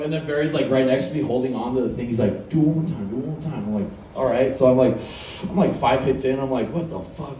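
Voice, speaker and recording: A man's voice: mid-range voice, expressive, rapid-fire, few pauses, warm tone. Young male comic, rambling and profane, laughs through the bit, mic far off in an echoey room. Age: 20s. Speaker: stand-up comedian. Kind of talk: stand-up storytelling.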